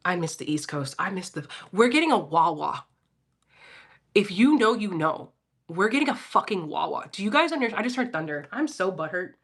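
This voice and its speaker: A woman's voice: lowish voice, big pitch swings, moderate pace, breathy edge. A woman from Philadelphia giving a casual, profane pep talk on a livestream and answering her chat. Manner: blunt, profane, talks straight to chat.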